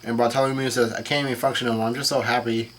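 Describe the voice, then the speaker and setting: A man casually reading a comic chapter aloud and commenting on it, with the dialogue in a flat voice and frequent fillers and self-corrections. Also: medium pitch, rapid-fire, a little hiss or hum. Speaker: channel host reacting to a comic chapter.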